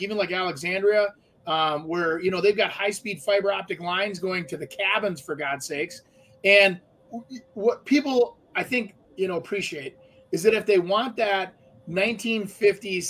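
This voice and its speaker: High-voiced chatty man. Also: a bit bright, rough recording. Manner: chatty, many fillers and restarts. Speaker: real estate talk show co-host. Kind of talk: casual chat.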